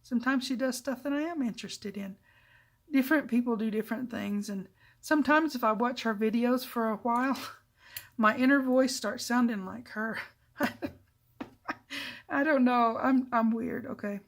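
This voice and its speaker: A woman's voice: fairly high pitch, normal speed. A middle-aged woman hosting a casual crafting tutorial, chatty and self-deprecating, with frequent asides as she works. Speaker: papercraft channel host.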